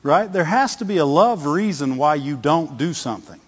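A middle-aged man preaches a sermon in a loose, chatty way, often checking in with the congregation. His voice sits a little high for a man. The sound is dull and lo-fi, with a long reverb from a large church hall. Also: lively intonation, moderate pace, husky. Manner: conversational, repeats words, asks the congregation "Amen?". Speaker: pastor.

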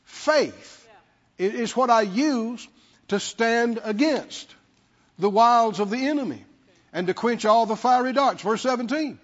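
A male pastor with a very high voice preaches slowly and emphatically, repeating key words and calling on the congregation to answer back. His voice rings through a long hall reverb in a church sanctuary, and the recording sounds dull and lo-fi. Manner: emphatic, repetitive call-and-response with the congregation. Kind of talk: sermon.

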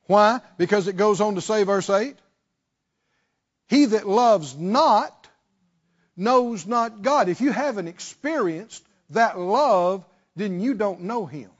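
A pastor preaching a sermon, leading the congregation in call-and-response and swinging between shouted and hushed lines. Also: male voice, high-pitched, expressive, takes it slowly, dull audio.

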